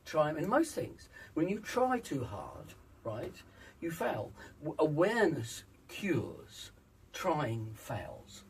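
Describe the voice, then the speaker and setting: A man coaching voice in an interview, emphatic and persuasive, his pitch swinging lively up and down. He sits a little away from the microphone, with faint background noise behind him. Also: slow pace, distant mic, poor audio. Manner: emphatic, demonstrates vocal sounds. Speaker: vocal coach. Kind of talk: interview, teaching voice exercises.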